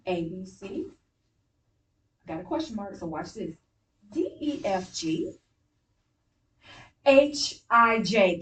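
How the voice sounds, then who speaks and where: A woman teaching a classroom reading lesson, encouraging and clear as she gives instructions. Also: mid-range voice. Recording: distant mic with faint noise.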